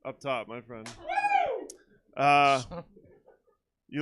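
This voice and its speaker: A man's voice: high voice, lively intonation, a little slow, pauses often, a little hiss or hum. A man doing stand-up on a comedy theater stage, chatting hesitantly with the audience and teasing them. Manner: soft-spoken, hesitant, teasing the crowd. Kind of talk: stand-up crowd work.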